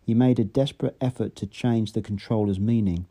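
Low mellow guy reading a novel out loud, steady and even. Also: brisk, husky. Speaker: audiobook reader.

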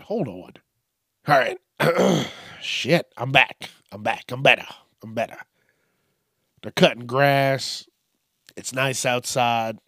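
A man's voice: medium pitch, vocal fry, husky, dry recording, clean studio sound. A man hosting a solo comedy podcast, rambling loosely with lots of profanity and amusing himself as he goes. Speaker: podcast host.

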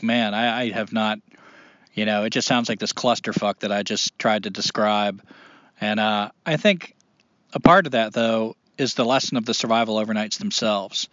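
A man's voice: lowish voice, fairly bright tone, no echo, highs cut off. A man hosting a casual podcast, talking in an earnest, rambling way with many fillers. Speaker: podcast host.

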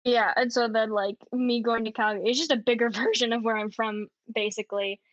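This young woman, Canadian-accented, keeps up a chatty conversation peppered with fillers and laughs. Her fairly high voice holds a steady tone and moves a little fast, captured in a dry, dull lo-fi recording.

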